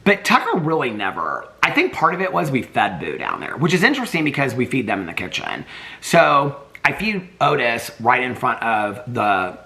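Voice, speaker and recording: A man's voice: medium pitch, huge pitch swings, moderate pace, gravelly, sharp tone. Doting man chatting to his dogs. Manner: doting baby talk to his dogs, rambling asides. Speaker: vlogger. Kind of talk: casual daily vlog. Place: home, indoors.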